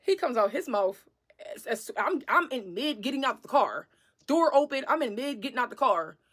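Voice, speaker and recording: A slightly high-voiced woman tells a date story to her viewers. She is blunt, slangy and full of profanity, and she acts out the retelling with energy. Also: animated, moderate pace, fairly bright tone. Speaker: vlogger. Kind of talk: storytime narration.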